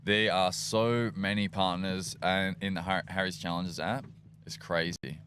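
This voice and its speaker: A man with an Australian accent co-hosts a live race broadcast, teasing and joking in relaxed banter. His voice sits a little low. A faint hiss of background noise hangs under his talk. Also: unhurried. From Queensland, Australia. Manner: jokey, playful, teasing banter. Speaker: livestream co-host. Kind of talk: casual live event commentary.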